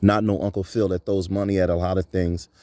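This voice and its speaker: A man in his thirties with a lowish, mellow voice delivers a preaching monologue to his audience. He talks emphatically and leans on repetition, piling up phrases like a rally speaker. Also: level tone, a little fast, no echo. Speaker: channel host.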